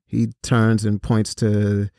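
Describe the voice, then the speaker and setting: Low gravelly man telling a story. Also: monotone, mellow, no echo, studio quality. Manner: earnest, measured, pauses with fillers. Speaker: host and speaker on violence prevention. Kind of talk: personal storytelling talk to students.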